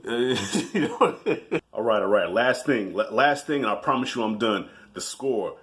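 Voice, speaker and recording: A man's voice: medium pitch, expressive, a little slow, fairly bright tone. A man hosting a casual movie review video, talking in a loose, profane, chatty way. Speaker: movie reviewer, channel host.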